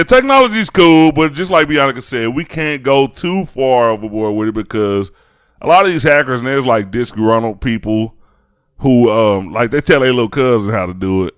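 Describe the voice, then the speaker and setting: A man's voice: medium pitch, no echo, studio quality. A man co-hosting a podcast in casual chat, laughing and swearing freely. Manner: laughing, profane banter. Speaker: podcast host.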